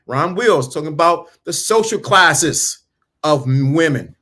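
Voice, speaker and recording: A blunt man in his fifties speaking hosts his own channel and lectures in a preachy, repetitive way. He mocks the people he is turning away and keeps circling back to the same lines. His voice sits a little high for a man. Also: expressive, a little slow, bright, forceful tone. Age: 50s. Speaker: channel host. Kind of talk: blunt motivational monologue.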